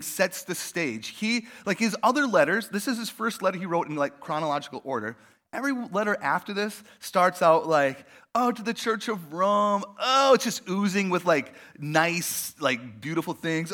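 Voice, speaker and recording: Male pastor, conversational sermon, high-pitched, bright and expressive delivery. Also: moderate pace. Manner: animated, conversational, tosses in "right?" and "like". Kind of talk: casual sermon.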